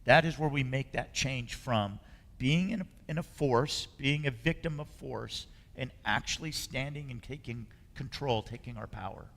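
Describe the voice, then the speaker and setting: A man preaching a sermon as a spiritual leader. He talks in an earnest, conversational way and often lets phrases trail off softly. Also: mid-range voice, normal speed, creaky. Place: church sanctuary. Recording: long reverb of a hall.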